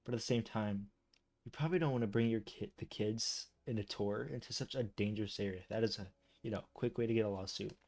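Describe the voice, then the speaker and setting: A man's voice: lowish voice, fairly quick, a little mellow. A man reading game lore aloud, tripping over words and breaking off into chatty, self-deprecating asides. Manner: stumbles over words and restarts often. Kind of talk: reading aloud with casual commentary.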